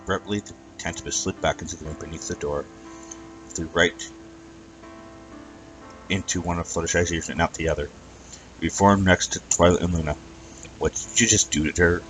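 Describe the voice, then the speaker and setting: A man reading a fan fiction story aloud as narrator, with an even storytelling manner and some stumbles. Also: deep voice, moderate pace, long pauses, soft background music, low-quality recording.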